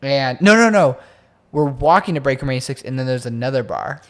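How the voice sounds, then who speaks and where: Animated young man telling a story. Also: mid-range voice, fairly quick. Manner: animated storyteller who acts out friends' voices. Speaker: podcast co-host. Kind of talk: casual chat.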